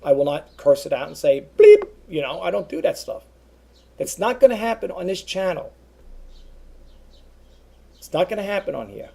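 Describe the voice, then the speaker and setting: A man speaks straight into his webcam in a loose, earnest ramble, circling back and repeating his points. His voice sits a little high, yet it sounds dark and husky with a gravelly rasp running through it. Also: expressive, normal speed, pauses often. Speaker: eBay seller vlogger. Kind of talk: casual webcam monologue.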